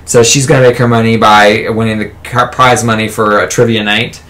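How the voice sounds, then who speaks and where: In casual chat on a comic book podcast he co-hosts, a man rambles through a plot recap, full of fillers and laughter. His voice is fairly low and fairly bright, with little pitch movement, and he talks fairly quickly.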